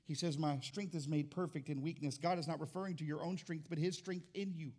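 Animated comic male preacher. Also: on the high side, a little fast. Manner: animated, comic, shifts between loud bursts and quiet asides. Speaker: pastor. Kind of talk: sermon with storytelling.

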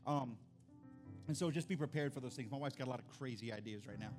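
A pastor, preaching and telling stories in an animated, excited way. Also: male voice, medium pitch, fast talker, music in the background. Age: 40s. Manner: animated storytelling, builds to excited shouts. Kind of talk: sermon.

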